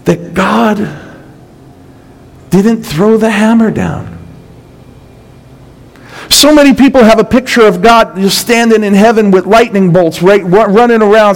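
Slow, high-voiced preaching man. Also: poor audio. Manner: preaching with rising emphatic intensity and rhetorical questions. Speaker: pastor. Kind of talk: sermon.

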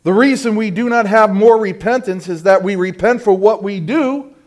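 A middle-aged male preacher with a somewhat high voice delivers a sermon. He builds to loud, fervent peaks, then drops to a low, hushed storytelling tone. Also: normal speed.

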